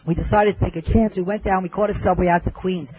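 A man's voice: steady tone, fast talker, husky, no room sound. Man, middle-aged, personal storytelling, earnest, dull lo-fi recording. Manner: earnest, drops low and soft at moving moments. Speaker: survivor telling his story.

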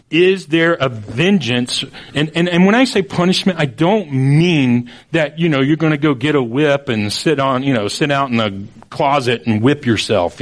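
A male preacher giving a conversational sermon to a live audience, with joking asides and acted-out quotes. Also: medium pitch. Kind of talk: casual sermon.

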